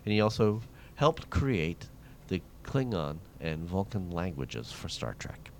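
A man's voice: low-pitched, a little slow, a little hiss or hum. A man hosting a trivia segment on a radio show, reading history questions in casual banter. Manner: reads history questions, lively intonation. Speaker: trivia host.

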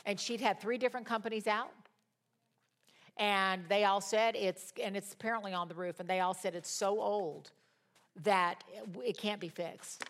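A woman in her sixties leading a Bible study, telling stories in an animated way that swings between loud exclamations and quiet asides, and talking straight to her audience. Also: mid-range voice, moderate pace. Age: 60s. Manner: chatty, addresses the audience directly. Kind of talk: storytelling Bible study teaching.

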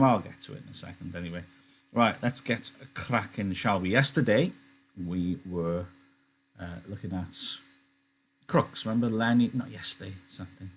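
A man's voice: lowish voice, breathy edge. A man teaching a live online lesson, chatty and digressive, often interrupting himself. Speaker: English teacher. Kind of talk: live online lesson, reading a novel aloud.

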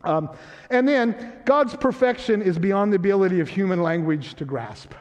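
A man's voice: high-pitched, expressive, normal speed. A man preaching a sermon as pastor, conversational and teasing, often checking in with his congregation. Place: church sanctuary. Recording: long hall reverb.

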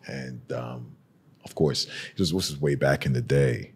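A man's voice: extremely low pitch, a little slow, gravelly, slight background noise. A man from Nigeria, telling stories animatedly in casual chat. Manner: animated storytelling, expressive.

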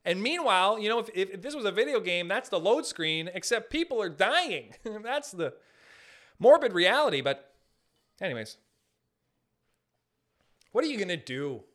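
A man's voice: sits high, normal speed, pauses often. A man in his late twenties hosting a solo podcast, ranting comically with jokes and laughing at himself. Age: late 20s. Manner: animated, jokey, laughs at own jokes. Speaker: podcast host. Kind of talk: comedic solo podcast rant.

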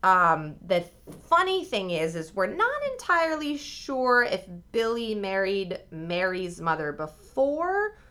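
A young woman co-hosting a podcast, chatting casually and telling a story, giggly, animated and swearing freely. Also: medium pitch, slow, hardly any pauses. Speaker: podcast co-host.

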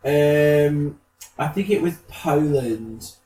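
A man's voice: on the high side, extremely slow, mellow, echoey room, far from the mic, slight background noise, low-quality recording. A man co-hosting a podcast, telling camp gossipy stories with plenty of swearing. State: feeling unwell. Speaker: podcast co-host. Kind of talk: casual chat.

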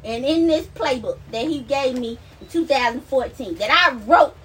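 A woman's voice: high voice, moderate pace, far from the mic. A woman fervently sharing a religious testimony while recording herself and pacing, repeating herself with bursts of exclamation. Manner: fervent and repetitive, with frequent exclamations and laughs. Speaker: self-described minister sharing a testimony. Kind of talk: emotional spoken testimony to viewers. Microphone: self-recording on a phone recorder.

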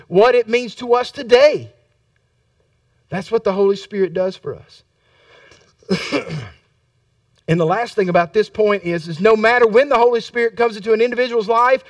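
A man preaching a sermon as a Baptist pastor, repeating his lines and building to fervent shouts. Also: very high-pitched, no echo, distant mic.

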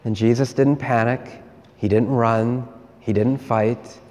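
A male priest delivers a sermon at a slow, measured pace, coming back again and again to short refrains. His voice sits at an ordinary middle pitch. It carries a long reverb, like a church hall. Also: steady tone, a little mellow.

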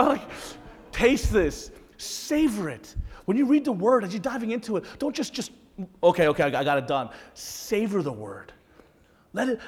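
Conversational male pastor in a reverberant hall. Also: high voice. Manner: conversational, animated, addresses audience directly. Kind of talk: sermon.

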